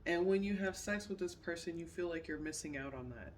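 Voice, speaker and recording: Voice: medium pitch, a little fast, recorded from a distance, a little hiss or hum. A tarot reader giving a casual pick-a-card reading, emphatic and repetitive. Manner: repetitive, emphatic, says "period" often.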